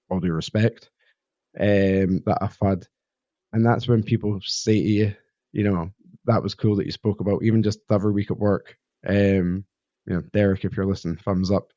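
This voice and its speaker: A man's voice: on the low side, mellow, no echo, highs cut off. A man with a Scottish Borders accent hosting a solo podcast, talking candidly and rambling in a self-deprecating way into a podcast mic. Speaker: podcast host. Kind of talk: solo reflective podcast monologue. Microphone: podcast microphone.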